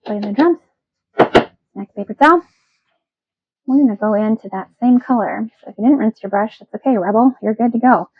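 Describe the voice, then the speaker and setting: A woman's voice: a little high, a little fast, pauses often, narrow, tinny audio. A woman teaching a step-by-step painting lesson in a chatty, playful, self-encouraging way. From Wisconsin. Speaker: painting instructor.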